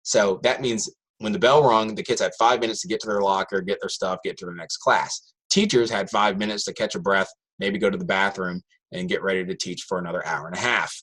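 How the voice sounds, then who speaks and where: A man, a high school math teacher, telling a classroom story to an audience and acting out his students' voices. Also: fairly quick, hardly any pauses. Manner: animated, acts out students' voices in quotes.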